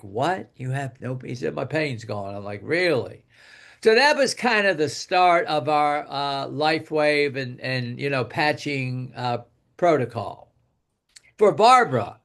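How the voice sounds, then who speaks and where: An older man with a slightly high voice tells a long personal story in a loose, rambling way. He repeats himself often and goes quieter when he quotes what was said. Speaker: guest speaker telling a testimonial. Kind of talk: casual storytelling.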